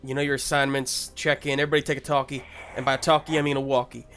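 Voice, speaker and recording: A man voicing a sleepless leader of a monster-hunting group who gives hurried, rambling orders. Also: mid-range voice, little pitch movement, music in the background, lightly acted.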